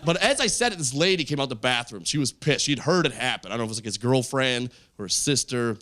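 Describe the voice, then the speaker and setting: A man doing stand-up storytelling on a comedy stage, acting out the voices in his stories loudly. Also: mid-range voice, quick pace. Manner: animated, acts out quoted voices loudly. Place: comedy stage with a live audience. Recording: live club show, faint crowd noise.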